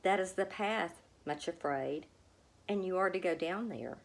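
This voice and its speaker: A woman voicing a gentle, kind male shepherd in a storybook reading, speaking calmly. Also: medium pitch, moderate pace, lightly acted. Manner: gentle, calm.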